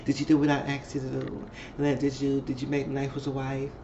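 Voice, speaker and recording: A man voicing a soft-spoken woman who coaxes her lover in a hushed, breathy tone. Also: mid-range voice, completely flat delivery, a little fast, muffled recording, background noise, pitched above the performer's own voice, lightly acted. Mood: coaxing.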